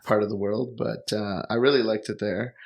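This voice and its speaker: A young Canadian man telling travel stories in relaxed, rambling conversation, full of fillers. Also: on the low side, moderate pace, creaky. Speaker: guest. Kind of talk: casual storytelling conversation.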